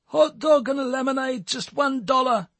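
A man's voice: very high-pitched, moderate pace, a bit bright, dry recording, voice pushed up, heavily acted. A man voicing a self-conscious young man who reluctantly calls out to passers-by to sell hot dogs. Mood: hawking. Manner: reluctant, calling out then muttering.

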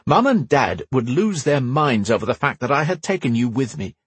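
Man putting on a sarcastic tired young guy, a bit raised pitch, lively, husky, storybook reading. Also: normal speed, no echo. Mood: sardonic, wry. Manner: dry, sarcastic. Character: sardonic young man, weary and restless.

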